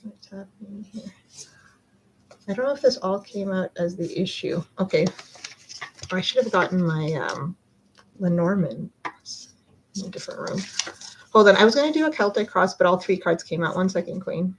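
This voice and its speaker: A woman's voice: medium pitch, lively intonation, normal speed, long pauses, background noise. Chatty woman tarot reader, rambling. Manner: chatty, rambling, many fillers and self-interruptions, laughs often. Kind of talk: live-stream tarot reading, casual chat.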